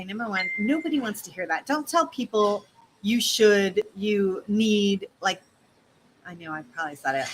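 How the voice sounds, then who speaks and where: A woman business coach teaching in a casual, animated way, speaking straight to her listeners. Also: mid-range voice, a little hiss or hum, low-quality recording.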